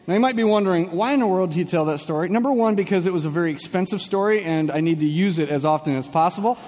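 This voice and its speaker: A young male pastor with a high voice tells a story from the pulpit, animated and quick to switch from rushing to slow, drawn-out lines. His voice carries through a large church with a long, lingering reverb. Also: slight background noise. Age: young adult. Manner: animated storytelling, swings in pace. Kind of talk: sermon with a comic personal story.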